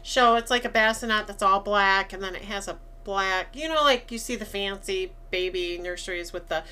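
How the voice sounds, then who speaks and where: A woman's voice: medium pitch, moderate pace, pushed and bright, smooth. A woman co-hosting a podcast in casual chat, retelling scenes and acting out the lines. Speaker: podcast co-host.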